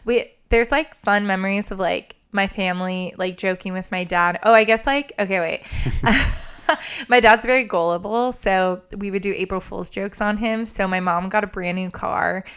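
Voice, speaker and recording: A woman's voice: mid-range voice, fairly even intonation, normal speed, fairly bright tone, clean tone. Chatty woman in her thirties, resonant voice. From California, USA. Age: 30s. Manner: chatty, filler-heavy, laughs through stories. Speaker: podcast guest. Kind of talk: casual interview chat.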